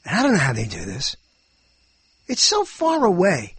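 A man's voice: high-pitched, wildly swooping pitch, moderate pace, fairly bright tone, breathy edge, no room sound. An older man rambling through a meandering, self-interrupting monologue, chuckling as he muses.

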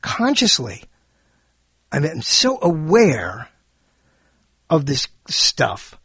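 A man giving a rambling spoken monologue, animated and digressive, often correcting himself mid-sentence. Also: on the high side, drawn-out words, breathy edge, dry recording. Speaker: monologue speaker.

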